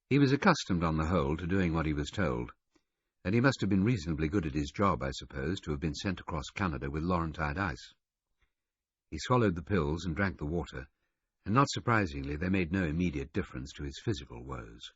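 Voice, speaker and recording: Deep husky male audiobook narrator. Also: animated, brisk, no echo. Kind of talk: scripted first-person audiobook narration. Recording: muffled lo-fi recording.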